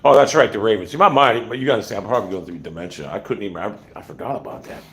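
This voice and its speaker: A man's voice: lowish voice, expressive, very fast, vocal fry. A man hosting a casual livestream, ranting bluntly with profanity and rambling asides. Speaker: livestream host.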